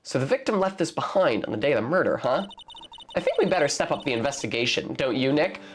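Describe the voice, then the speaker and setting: A woman voicing an upbeat, nosy young female sidekick in a video game, quick and casual. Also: low-pitched, big pitch swings, slight background noise. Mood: eager.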